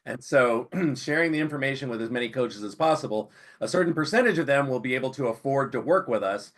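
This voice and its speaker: A man's voice: medium pitch, expressive, quick pace, a bit bright. Tired man fumbling for words. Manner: fumbling, searching for words, apologetic. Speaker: business coach guest. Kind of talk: casual interview chat.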